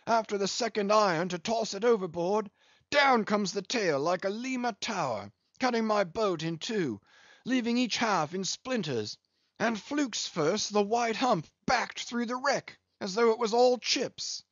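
Dude reading as jolly whaling captain rambling through a sea story, dry dull-ish audio. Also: male voice, high voice, animated, a little slow, fairly bright tone, no echo, voice pushed up, exaggerated voice. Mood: storytelling. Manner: chatty yarn-spinning. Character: hearty good-humoured whaling captain, talkative.

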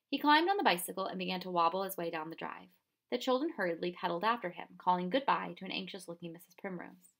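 A woman narrating a children's chapter book in a measured, expressive reading. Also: on the low side. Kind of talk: storybook narration.

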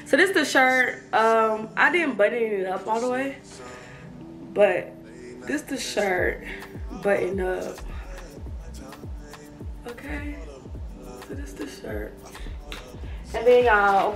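A woman's voice: on the high side, slow, long pauses, fairly bright tone. Breathless chatty young woman in an echoey room. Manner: chatty, laughing, addresses viewers as y'all. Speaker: fashion vlogger. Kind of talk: casual try-on haul chat. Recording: echoey room, far from mic, faint music.

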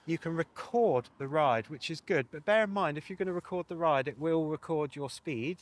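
A man's voice: a little high, moderate pace. A man presenting a casual walkthrough of a motorcycle sat nav, chatty with wry asides.

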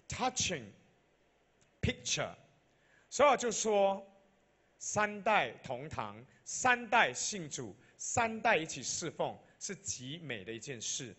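A man with a Malaysian accent, a pastor preaching a sermon, repeating each point in two languages and building to loud, emphatic peaks. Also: high voice. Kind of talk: bilingual sermon.

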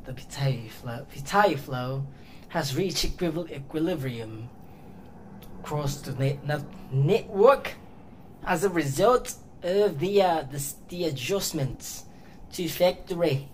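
A woman's voice: deep voice, lively intonation, slight background noise, rough recording. A woman putting on a solemn record-keeper. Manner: halting, stumbles over words while reading. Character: solemn record-keeper reading an official log.

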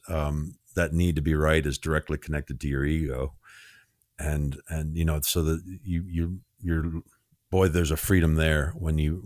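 A man with a deep, low voice hosts a relaxed podcast chat and tells his stories with energy, slipping into the voices of the people he quotes. The sound is dry and close, with no room around it. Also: no echo. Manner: animated storyteller, acts out quoted dialogue, laughs easily. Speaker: podcast host. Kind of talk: conversational interview storytelling.

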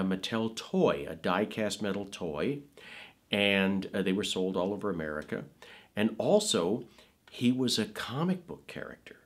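Low-voiced middle-aged man reminiscing. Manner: animated storyteller, trailing off softly at phrase ends. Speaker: film producer interviewee. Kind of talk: casual interview recollection. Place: Woodland Hills, California.

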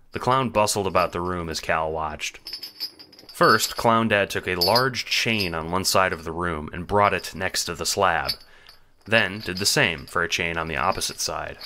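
A man reading the narration of an audio drama in a measured storytelling manner. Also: low voice, noisy background.

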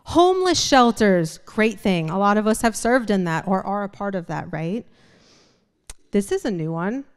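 A woman's voice: mid-range voice, animated, normal speed, clean tone. A woman preaching a sermon to a congregation, emphatic and repeatedly checking in with the room by asking "right?" and "okay?". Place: church sanctuary before a congregation. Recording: long hall reverb.

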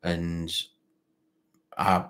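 A man's voice: low-pitched, completely flat delivery, drawn-out words, fairly bright tone. A man with a broad Barnsley Yorkshire accent, hosting a football fan live stream in rambling casual chat, reading out viewer comments with lots of fillers. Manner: rambling, repeats words, many fillers.

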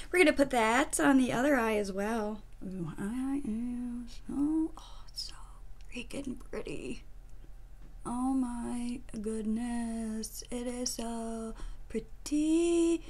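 A woman doing a makeup first-impression vlog, gushing and giddy, often breaking into laughs and hushed gasps. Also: medium pitch. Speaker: beauty vlogger.

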